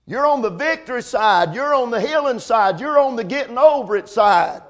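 Male preacher, high-pitched, folksy sermon delivery with amens. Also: expressive, moderate pace. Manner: preaching with call-outs of amen and come on now.

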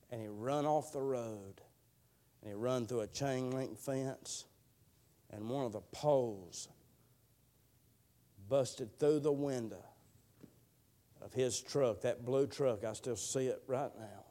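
A man preaching a sermon, telling a slow, drawling testimony that builds into fervent prayer. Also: medium pitch, warm tone.

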